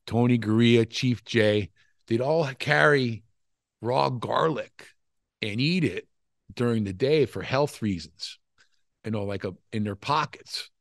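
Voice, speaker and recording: Gravelly and unhurried, a mid-range male voice spins profane, rambling tales from his wrestling past during a relaxed interview. He's an older man and an animated storyteller, recorded at studio quality with no room sound.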